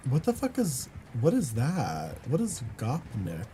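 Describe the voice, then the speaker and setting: A man's voice: medium pitch, wildly swooping pitch, measured pace, mellow, soft background music. A man hosting a live stream, chatting casually, laughing often and reacting to chat. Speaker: streamer host. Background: people making noise nearby.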